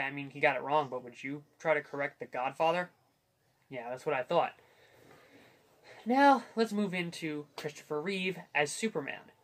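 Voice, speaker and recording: A man's voice: a little high, fairly bright tone. A young man hosting a casual comic book movie review, joking and rambling with self-deprecating asides. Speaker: host.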